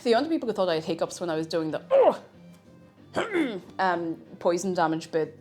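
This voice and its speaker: Chatty Irish woman, lively pitch. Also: brisk, soft background music. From Ireland. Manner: chatty, reads chat aloud, laughs often. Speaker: streamer. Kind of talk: casual live-stream chat while cooking.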